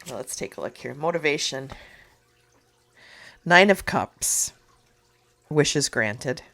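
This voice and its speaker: A woman with a low voice talks through an oracle card reading in a casual vlog. She is tearful and emotional, and her speech is soft and halting, full of pauses. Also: expressive.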